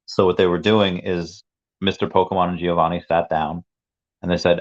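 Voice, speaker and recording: A man's voice: sits low, little pitch movement, normal speed. A man on a casual livestream, rambling through a long story with many restarts and asides to chat. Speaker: streamer. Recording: dull lo-fi sound.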